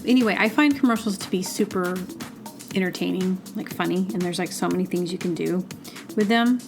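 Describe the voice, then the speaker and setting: A woman's voice: on the low side, a little fast, gravelly, music in the background. A woman hosting a solo podcast, rambling chattily through digressions with lots of fillers. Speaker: podcast host. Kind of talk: casual solo monologue.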